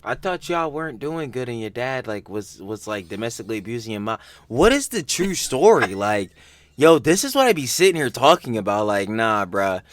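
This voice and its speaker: A man's voice: mid-range voice, big pitch swings, normal speed. A man co-hosting a reaction video, talking in an exasperated, slangy way and often laughing. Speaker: reaction channel co-host. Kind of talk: casual reaction commentary.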